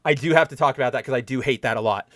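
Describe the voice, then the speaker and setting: A man hosting a casual review show, animated and profane, acting out scenes in mock voices. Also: medium pitch, rapid-fire. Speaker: podcast host.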